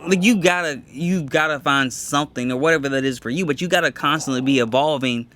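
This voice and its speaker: A comedian co-hosting a podcast in casual chat, talking candidly and boastfully in quick restarts and swearing freely. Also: male voice, a little high, fairly bright tone, slight background noise.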